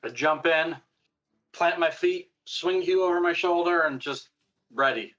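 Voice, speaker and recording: Higher-voiced man on a dull line. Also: a little slow, a bit bright. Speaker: player. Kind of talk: casual tabletop play. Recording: dull, lo-fi sound.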